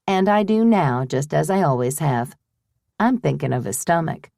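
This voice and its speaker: A woman voicing a shrewd older woman who runs a boarding house, brisk, firm and teasing. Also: deep voice, expressive, gravelly, warm tone, dry recording, studio quality. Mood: playful.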